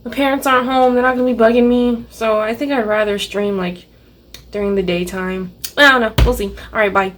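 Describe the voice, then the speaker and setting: This young woman's artist vlog, shot in her home art studio, is chatty and full of "like," with swearing and laughing rants. She speaks fairly quickly in a slightly high, steady tone over a noisy background and faint music.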